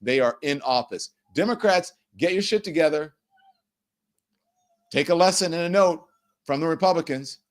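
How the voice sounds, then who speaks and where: Middle-aged guy hosting a live politics stream, heated and cussing, kinda high-pitched. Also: moderate pace, pauses often. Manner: animated, profane ranting. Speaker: livestream host.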